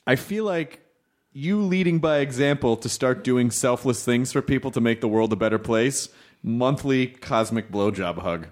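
A man's voice: mid-range voice, normal speed. A man hosting a podcast in casual chat, playful and joking, laughing often. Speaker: podcast host. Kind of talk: casual conversation.

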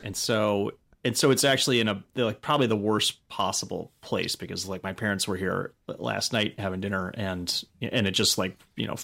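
A man co-hosting a podcast, talking in a rambling, halting way full of fillers. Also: on the low side, gravelly, fairly bright tone. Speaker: podcast co-host. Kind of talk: casual banter.

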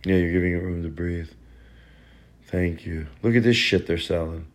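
A man's voice: sits low, moderate pace. A middle-aged man, a stand-up comedian hosting a podcast, riffing in a sarcastic, joking way with repeated bits. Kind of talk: casual comedic podcast banter.

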